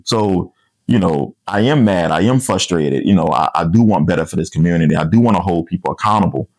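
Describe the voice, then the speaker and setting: A man's voice: low-pitched, expressive, a little fast, a little mellow, no echo, rough recording. A young man, a community organization founder talking earnestly in an interview, often adding "right?" and "man". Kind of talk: casual interview conversation.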